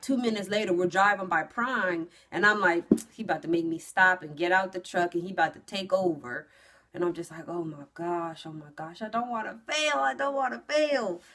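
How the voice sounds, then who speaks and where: A young woman vlogging to camera, telling a story in a casual, animated way that jumps into loud, high re-enactments and drops to hushed asides. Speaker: trucking vlogger.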